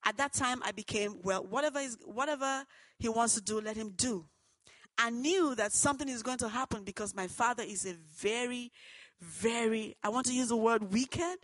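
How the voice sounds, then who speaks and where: A woman's voice: fairly high pitch, normal speed, no echo, low-quality recording. Fervent woman giving a church testimony. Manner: earnest, swings from hushed to loud and fervent. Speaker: testimony speaker. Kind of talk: personal testimony with preaching.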